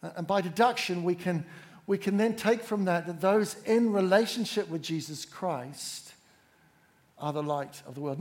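A man preaching a sermon to a congregation, measured and emphatic, drawing the listeners in. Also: sits high.

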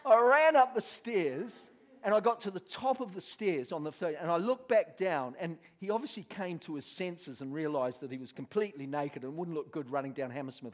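A man preaching a sermon, telling a story with lots of laughter and acted-out voices. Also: fairly high pitch.

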